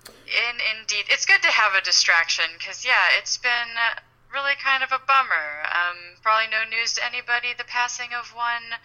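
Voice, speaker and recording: Bright-voiced wry woman co-host. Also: a little high, normal speed, smooth, poor audio. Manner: wry, chatty, rambling with restarts. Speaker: podcast co-host. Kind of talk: casual chat.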